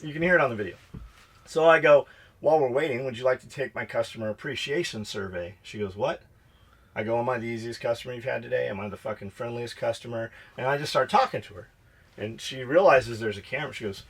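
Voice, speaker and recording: A man co-hosting a podcast, telling a story in casual chat, profane and animated, acting out both sides of a conversation. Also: on the high side. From United States. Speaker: podcast co-host.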